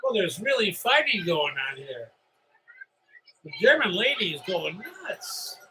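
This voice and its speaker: A man's voice: high voice, very animated, unhurried, bright, forceful tone, slight background noise, rough recording. A middle-aged man from upstate New York hosting a solo live stream, rambling and chatty after a few drinks. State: slightly tipsy.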